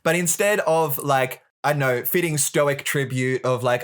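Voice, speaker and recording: A woman's voice: rumbling low, measured pace. Playful woman podcaster. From Ireland. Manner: playful, teasing. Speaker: podcast co-host. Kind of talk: casual comic chat.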